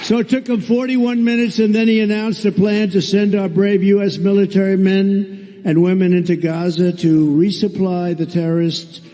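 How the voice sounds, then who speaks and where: A man's voice: sits high, flat delivery, normal speed, warm tone. A man giving a rally speech in a blunt, repetitive, sarcastic manner. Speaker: political candidate at a rally. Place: large rally venue. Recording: long reverb of a large hall.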